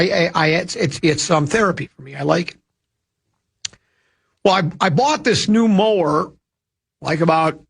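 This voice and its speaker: A man's voice: high voice, creaky, fairly bright tone, husky. An older man hosting a radio show, telling rambling stories in casual chat with lots of restarts and asides. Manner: rambling, with many restarts and self-amused asides.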